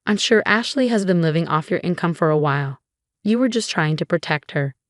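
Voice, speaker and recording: Woman reading scornful older mother-in-law, meddling, flat even delivery, dry sound. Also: fairly low pitch, a little fast, no room sound, lightly acted.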